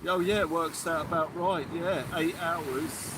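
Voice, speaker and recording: A man's voice: fairly high pitch, fairly even intonation, unhurried, noisy background. A man hosting a live fishing stream outdoors at night, chatting and answering viewer comments. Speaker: fishing channel host. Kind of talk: casual live-stream chat.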